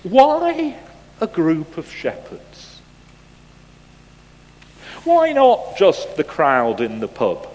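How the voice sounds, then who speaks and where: Pastor, male, conversational sermon with quiz questions, slightly higher voice, unhurried, church reverb. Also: huge pitch swings. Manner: conversational and gently humorous, asks the congregation questions. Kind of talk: sermon with picture-clue quiz.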